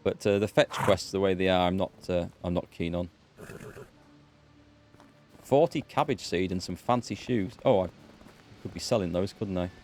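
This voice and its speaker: A man's voice: sits low, normal speed, long pauses, a little mellow, soft background music. A man chatting casually with wry asides while playing a video game as a let's play host. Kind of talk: casual gameplay commentary.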